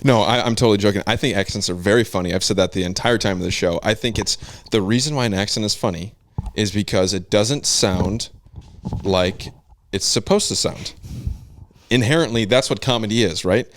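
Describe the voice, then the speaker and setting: Male podcast host, low-pitched and fast, provocative deadpan delivery. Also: no echo. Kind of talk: casual comedy podcast chat.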